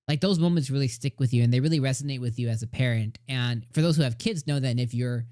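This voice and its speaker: A man's voice: mid-range voice, fast talker, few pauses, darkish tone, no echo, clean studio sound. A middle-aged man casually reviewing an anime episode, gushing and rambling with many fillers.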